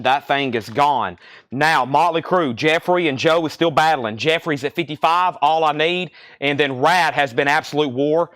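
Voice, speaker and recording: A man hosting a live record sale, briskly reading off buyer names and prices, out of breath. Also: a little high, a bit bright, no room sound. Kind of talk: live-stream sales patter.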